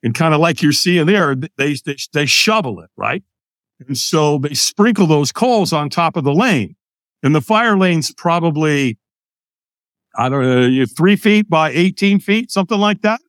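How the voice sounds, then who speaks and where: An older American man, a podcast guest, telling a personal story in an animated way and acting out the lines of other people. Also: fairly high pitch, normal speed, dry recording, clean studio sound. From United States.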